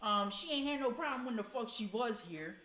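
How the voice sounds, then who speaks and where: A woman with a fairly high, expressive, slightly bright voice runs a livestream at a moderate pace, her audio sounding roomy. Her casual commentary is chatty, blunt, and laced with profanity, and she greets viewers by name.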